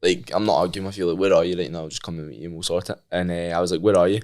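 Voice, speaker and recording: A man's voice: sits low, steady tone, racing, darkish tone. A young Scottish man, a podcast guest, telling a story in casual chat, swearing and acting out the dialogue. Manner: swearing, laughing storyteller who acts out the dialogue.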